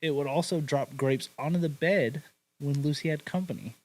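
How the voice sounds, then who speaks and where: A man's voice: a little high, moderate pace, darkish tone, rough recording. A young man telling a ghost story to a friend on a podcast, in a laid-back and crude way with lots of swearing and filler words. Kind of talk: casual crude storytelling chat.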